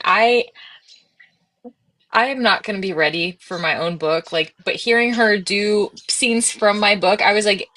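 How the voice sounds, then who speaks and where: A woman's voice: medium pitch, fairly bright tone. A woman author being interviewed in a casual chat, bubbly and self-deprecating, giggling often. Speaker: author and guest.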